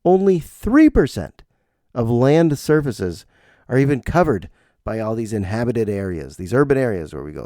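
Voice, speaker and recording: Gravelly, animated middle-aged man. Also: medium pitch, moderate pace, dry recording, studio quality. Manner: rambling, self-deprecating, animated. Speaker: podcast host. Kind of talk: comedic solo monologue.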